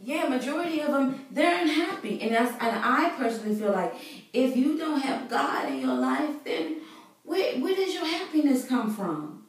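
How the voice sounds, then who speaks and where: A woman's voice: sits high, animated, normal speed, far from the mic. A woman vlogger giving an earnest, preachy faith talk to her viewers, casual and full of fillers. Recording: very echoey room, voice away from mic.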